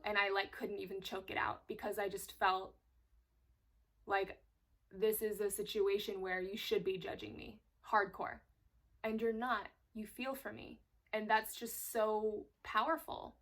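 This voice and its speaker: A young adult woman, an actress, telling candid stories in a casual, expressive way for a vlog. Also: mid-range voice, a little slow. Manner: casual, expressive storytelling with swearing.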